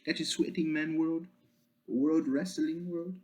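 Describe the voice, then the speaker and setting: Guy putting on a confused tourist dude, higher voice, stumbling over words. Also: fairly even intonation, darkish tone, lightly acted. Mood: earnest, muddled. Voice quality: mock foreign accent, halting broken phrasing. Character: bumbling male foreign tourist, confused.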